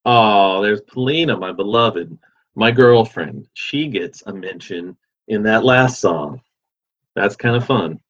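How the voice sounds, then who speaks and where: On a livestream with dull, lo-fi audio, a man casually chats and reads viewer comments aloud, rambling easily and using many fillers. His lowish voice is animated and slow, a bit bright, with a breathy edge.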